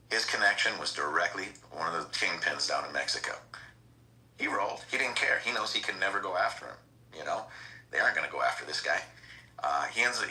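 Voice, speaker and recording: Low bright-voiced man telling rambling stories. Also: low-quality recording. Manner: long rambling storytelling with crude slang. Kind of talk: casual podcast chat.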